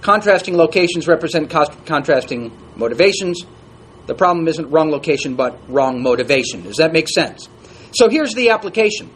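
A man's voice: on the high side, expressive, normal speed, a bit bright, a little hiss or hum. A man teaching an interactive Bible class, reading scripture aloud and asking the group questions in a conversational way.

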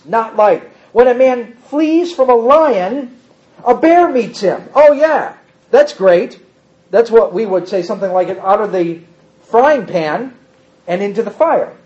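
High-voiced man teaching a Bible class. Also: dark tone, highs cut off. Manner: reads scripture aloud with raised dramatic emphasis, then comments conversationally.

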